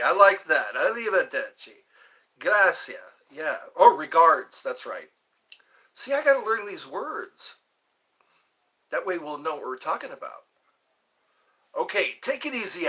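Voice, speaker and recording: Slightly high, pushed and bright, with a husky edge, this man's voice carries his casual live stream. He rambles playfully with viewers and admits to being a little tired.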